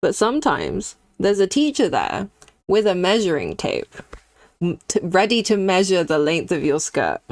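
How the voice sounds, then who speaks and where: A woman's voice: fairly low pitch, wildly swooping pitch, a little slow, no echo. A young woman streaming while she draws, chatting candidly and reacting to her chat. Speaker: streaming artist.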